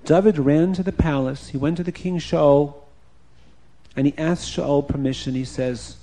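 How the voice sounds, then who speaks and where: A man telling a folk tale aloud in an expressive storytelling manner. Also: a little high, normal speed. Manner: expressive, repeats for effect. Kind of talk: animated oral storytelling.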